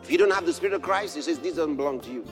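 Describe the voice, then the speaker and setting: A male preacher with a high, very animated voice tells a personal story and reads scripture, building to impassioned shouts. Soft music plays faintly behind him. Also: rapid-fire. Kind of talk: sermon.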